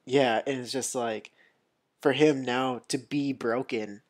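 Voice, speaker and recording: A man co-hosting a movie podcast, talking in a relaxed, rambling way with lots of fillers. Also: medium pitch, slow pace. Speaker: podcast co-host. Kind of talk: casual chat.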